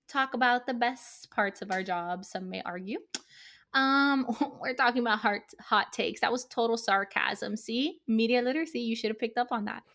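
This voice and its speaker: A woman's voice: on the high side, a bit bright. A woman journalist co-hosting a podcast, breezy and teasing, explaining news habits. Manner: breezy and teasing, laughs between points. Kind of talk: casual chat.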